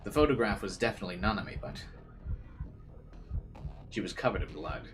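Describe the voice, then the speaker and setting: A man's voice: on the low side, expressive, fairly quick, over music. A young man streaming a visual novel, reading its text aloud with casual, joking asides. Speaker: let's play streamer.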